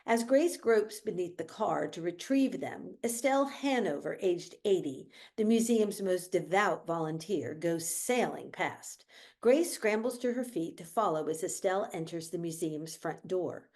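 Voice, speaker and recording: A woman reading stage directions aloud in a measured, descriptive way at a virtual table read. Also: lowish voice, lively intonation, darkish tone. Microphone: video call.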